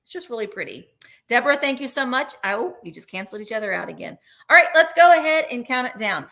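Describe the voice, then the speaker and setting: A woman's voice: on the high side, expressive, fast talker, gravelly, bright, forceful tone. A woman hosting a live online vintage sale, chatting in a rambling way about each item and counting down the bids. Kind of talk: live online sales chat.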